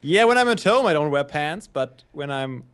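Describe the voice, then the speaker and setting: A man's voice: a little high, animated, normal speed, fairly bright tone, clean tone. A young man chatting and laughing easily with friends while they play a game. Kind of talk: casual chat while playing a game.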